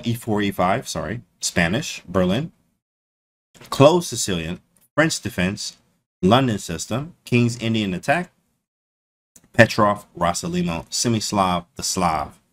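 A man streaming casually to his chat, slangy and animated, repeating his phrases. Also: sits low. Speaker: chess streamer.

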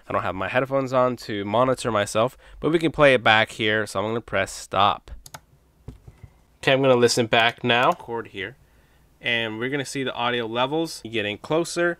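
This relaxed tech reviewer has a smooth, dry, mid-range voice with no room sound. Chatting at home, he demos a USB condenser mic, thinking aloud while testing and shifting his distance from it.

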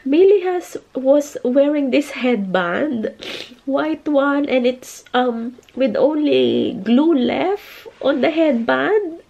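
Tearful high-voiced woman vlogger. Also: expressive, creaky, dark tone, lo-fi sound. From United Kingdom. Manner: tearful, emotional, halting. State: crying. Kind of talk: casual family vlog.

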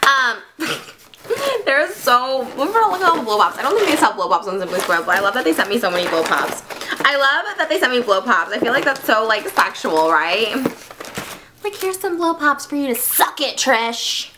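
A woman's voice: fairly high pitch, big pitch swings, normal speed, background noise. Bubbly young woman gushing over an unboxing. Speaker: beauty vlogger. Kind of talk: casual unboxing vlog.

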